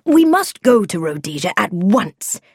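A woman's voice: mid-range voice, sing-song, unhurried, darkish tone, breathy edge, no echo, clean studio sound, exaggerated voice. A woman reading the lines of an absent-minded elderly professor father in a storybook, fussy and mildly irritable. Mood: enthusiastic.

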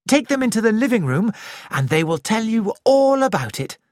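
A reader voicing a lively, restless young woman with a bright, breathless, gushing manner, in an audiobook. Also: mid-range voice, moderate pace, dry recording, clean studio sound, pitched above the performer's own voice, natural voice. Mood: chatty. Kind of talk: audiobook character voice.

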